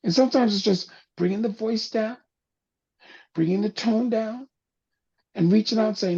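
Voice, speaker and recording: Raspy gravelly guy preaching on a talk panel, dark mellow tone, goes quiet to make a point, kinda lo-fi. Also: normal speed, long pauses. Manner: preacher-like cadence, drops voice low and soft for emphasis. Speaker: panel host. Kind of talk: impassioned talk-show monologue.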